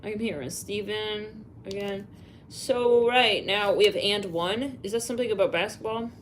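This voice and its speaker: A woman's voice: medium pitch, fairly even intonation, moderate pace, slight background noise. A woman doing a live psychic reading, musing aloud, spelling out letters and names, with sighs and fillers. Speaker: psychic reader.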